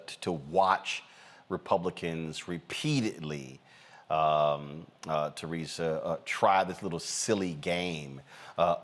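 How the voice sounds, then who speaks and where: A man hosting a political talk show, emphatic and animated, with an American accent, often repeating words for punch. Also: deep voice. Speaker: host. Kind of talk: opinionated political commentary.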